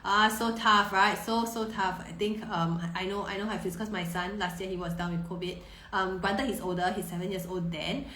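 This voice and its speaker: Woman, 30s, parenting coach, live Q&A, mid-pitched and reassuring, roomy echo. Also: steady tone, a little fast, few pauses, pushed and bright, slight background noise. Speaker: parenting coach answering viewer questions. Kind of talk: live-stream Q&A.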